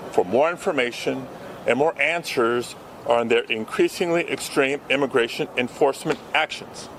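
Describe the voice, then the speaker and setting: A man's voice: fairly bright tone, low-quality recording. Indignant man speaking outdoors. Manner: firm, emphatic, rising to an indignant pitch. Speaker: senator. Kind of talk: press statement. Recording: outdoor street noise.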